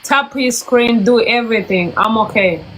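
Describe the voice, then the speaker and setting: A woman's voice: on the high side, moderate pace, background noise. A Rwandan woman with a Rwandan accent, hosting a live stream and urgently coaxing viewers in English and Kinyarwanda.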